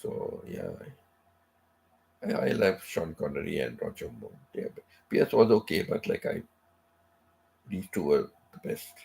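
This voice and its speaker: A middle-aged man hosts a live stream in easy, rambling chat, circling back to repeat himself and tossing in frequent asides. His voice sits very low with a gravelly, fry-heavy edge, and he sounds a little under the weather. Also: very animated, a little slow, long pauses, darkish tone. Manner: rambling, repeats phrases, many "you know" asides. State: unwell, recovering from sickness. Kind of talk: casual chat.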